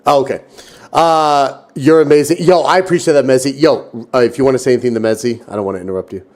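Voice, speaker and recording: A man's voice: medium pitch, quick pace, a little mellow. A man hosting a gaming stream in casual chat, upbeat, thanking viewers and tossing out "yo" and "dude". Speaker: streamer host.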